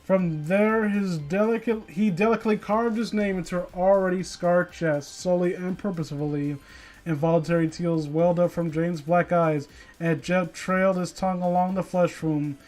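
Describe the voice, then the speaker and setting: A man's voice: high-pitched, steady tone, normal speed, darkish tone. A young man giving a comedic reading of a story, breaking off into sweary, incredulous rants. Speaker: reader and commentator. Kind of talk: comedic dramatic reading with commentary.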